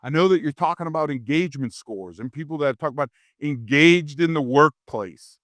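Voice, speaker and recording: A middle-aged man from Louisiana giving a humorous leadership keynote, a lively storyteller who acts out quoted voices. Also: a little high, moderate pace, few pauses, dry recording, clean studio sound. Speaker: keynote speaker. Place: conference stage.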